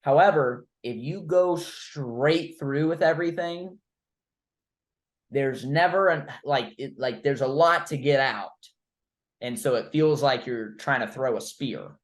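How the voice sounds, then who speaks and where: A man's voice: medium pitch, a little slow. A man coaching a trainee through cold-call role-play, blunt and informal, with the odd swear word. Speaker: recruiting coach.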